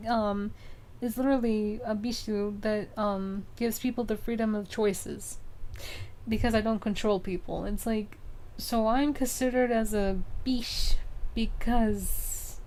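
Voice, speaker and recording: A woman's voice: a little high, dark tone, a little hiss or hum. A young woman streaming, chatting casually and rambling with lots of fillers. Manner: rambling, many fillers, frequent laughs.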